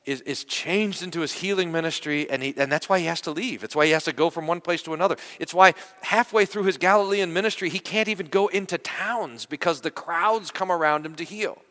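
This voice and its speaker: A male pastor preaching in a lively, conversational way, circling back and repeating words as he thinks aloud. His voice sits a little high and sounds bright and forceful. A long reverb from the church space trails after each phrase. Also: fairly quick, hardly any pauses. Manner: conversational, animated, many restarts and repeated words. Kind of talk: sermon.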